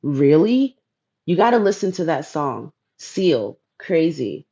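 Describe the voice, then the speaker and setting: A woman's voice: sits low, big pitch swings, takes it slowly, warm tone, slightly rough, lo-fi sound. A woman hosting a casual spiritual livestream, laid-back and playful, talking straight to viewers in her chat. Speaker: livestream host.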